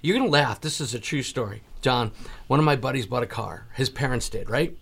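A male talk show host with a gravelly, fry-edged voice at a middle pitch. He tells stories in a lively, casual way and acts out the people he quotes. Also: fairly quick. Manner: animated storyteller, acts out quoted exchanges.

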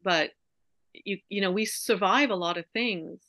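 A woman's voice: mid-range voice, unhurried, pushed and bright, no echo. A middle-aged woman, a yoga teacher and interview guest, speaking in a reflective, earnest way. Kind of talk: conversational interview.

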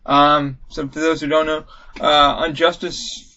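A fairly high-voiced man hosting a podcast, chatting casually and excitably and swearing freely. He breaks into yelps as he acts out scenes. The audio is dull and lo-fi. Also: unhurried. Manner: excitable, swears a lot, acts out game moments in loud yelps. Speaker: podcast host. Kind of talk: casual chat.

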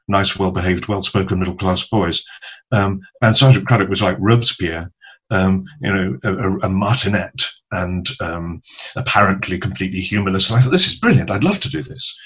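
A man with a low, husky voice recounts stories from his acting career. He hesitates often and fills gaps with ums, but his delivery stays wry. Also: poor audio. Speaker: actor, guest. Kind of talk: anecdotal interview answers.

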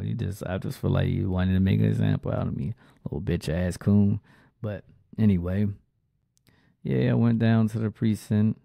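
A man's voice: fairly low pitch, creaky, dark tone, dry recording, clean studio sound. A man casually telling a personal story in a loose, profane, slangy way.

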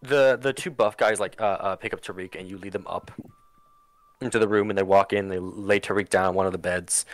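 Low-voiced game master narrating a campaign. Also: male voice, steady tone, brisk, no echo. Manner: rambling, many fillers and restarts.

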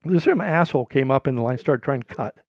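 Middle-aged man from California, gravelly, slightly high, rambling storyteller, dry, dull lo-fi sound. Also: quick pace, dry recording. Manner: rambling, animated when quoting people. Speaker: podcast guest. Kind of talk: casual storytelling.

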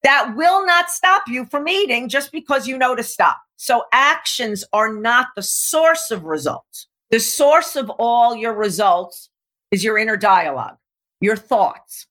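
A middle-aged woman coach explains her ideas on a podcast with real punch. Her voice is bright and forceful and a touch high, and she slips into acted-out voices to make her points. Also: measured pace. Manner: animated, emphatic, acts out voices. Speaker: guest coach. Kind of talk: podcast interview, coaching talk.

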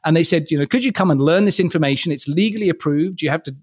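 Man, communication trainer as interview guest, slightly high pitch, dry recording, restarts phrases as he explains. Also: slightly rough, dry recording. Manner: measured storytelling with frequent restarts. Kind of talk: interview answers.

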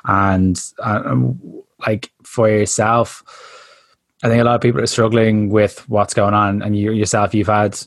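Brief: male podcast host, low voice, dry close sound, rambling and chatty. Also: level tone, unhurried, no echo. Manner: rambling and chatty, self-deprecating. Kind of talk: casual interview chat.

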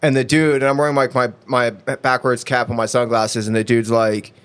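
A man's voice: mid-range voice, level tone, normal speed, a bit bright, clean tone. A man from San Diego co-hosting a podcast, telling stories in a rambling, hesitant way with many fillers. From San Diego, United States. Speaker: podcast co-host. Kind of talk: casual chat.

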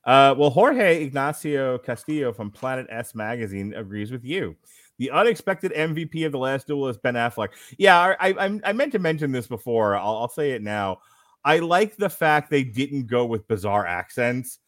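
A man's voice: mid-range voice, lively intonation, normal speed, fairly bright tone, dry recording, clean studio sound. A man hosting a casual movie review podcast, reading out critic quotes and laughing often. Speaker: podcast host.

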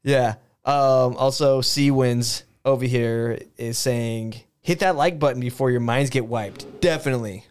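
A man's voice: medium pitch, a little slow, hardly any pauses, darkish tone, clean tone. A young man co-hosting a casual podcast, loose and joking, laughing often and swearing. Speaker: podcast co-host.

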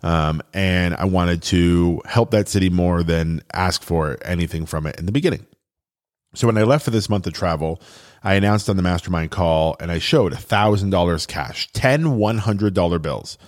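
A man's voice: sits low, normal speed. A man telling a personal story in an earnest, chatty way, with fillers and restarts, at times getting choked up.

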